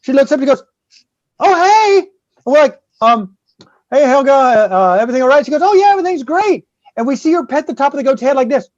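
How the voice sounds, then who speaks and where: A man's voice: extremely high pitch, racing, dry recording. Guy telling a wild story on a podcast, swears a lot, does the voices, kinda muffled lo-fi mic. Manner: profane, swearing freely; acts out the people in his stories. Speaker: guest host.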